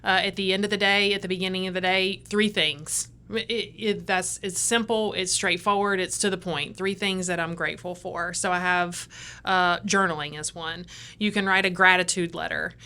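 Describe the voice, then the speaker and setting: A woman co-hosts a casual podcast chat. Her voice sits somewhat low for a woman. She explains practical ideas in a friendly, step-by-step way. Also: steady tone, moderate pace, bright, forceful tone, clear, resonant tone. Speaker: podcast co-host.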